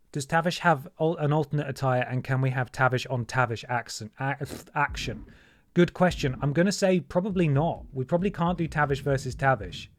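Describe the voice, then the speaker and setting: A man's voice: medium pitch, expressive, a little fast, no echo, clean studio sound. A man chatting casually to his viewers while he streams a wrestling video game, joking as he goes. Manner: chatty, jokey, talks to chat and mods. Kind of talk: casual live-stream commentary.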